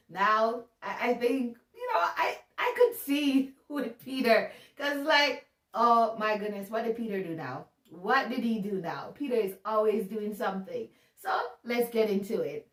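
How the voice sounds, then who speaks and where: A woman giving a casual, animated Bible talk, chatty and joking at her own expense. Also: on the high side, measured pace. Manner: chatty and animated, laughs at herself. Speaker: Bible teacher. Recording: roomy sound from a distance.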